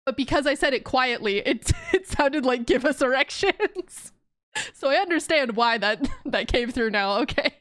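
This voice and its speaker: Giggly high-voiced woman streamer. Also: lively intonation, normal speed, fairly bright tone, no room sound, studio quality. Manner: giggly and playful, often laughing. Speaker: game streamer. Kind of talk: casual gameplay commentary.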